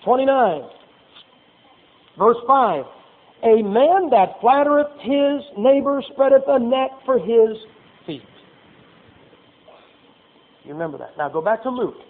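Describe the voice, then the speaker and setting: A man preaches a homespun sermon, reading verses aloud and slipping into playful asides. His voice sits high for a man. The recording is narrow and tinny, like a phone line. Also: animated, takes it slowly, pauses often. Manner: folksy preaching with Bible readings and acted asides.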